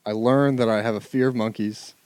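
A man telling a funny story in a casual chat, animated and laughing often. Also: fairly low pitch, a little fast, no room sound.

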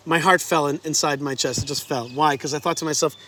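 A man guiding a tour outdoors at a historic site, teaching history in an animated way and quizzing his listeners. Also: on the high side, quick pace, hardly any pauses. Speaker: tour guide. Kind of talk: history lesson told on a tour.

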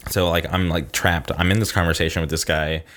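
A man with a very low voice chats casually to his viewers. He tells a story in a loose, meandering way, packing it with fillers. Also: steady tone, brisk, fairly bright tone. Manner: loose and rambling, heavy on fillers like "like" and "you know". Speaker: vlogger.

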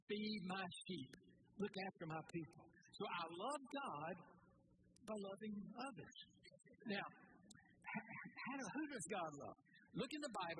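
A man with a high-pitched voice preaches a sermon as a pastor. He talks earnestly, repeats key phrases and asks the congregation rhetorical questions, with clear noise behind him.

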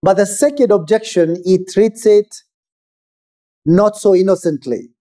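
A man preaching a sermon in a measured, emphatic way with pauses. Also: sits high, warm tone.

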